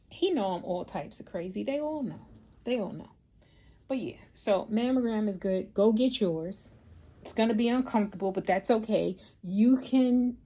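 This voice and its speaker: Mellow-voiced woman in her fifties chatting. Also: mid-range voice. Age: 50s. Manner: candid, storytelling, talks straight to viewers. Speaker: vlogger and mother. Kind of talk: casual chat to camera.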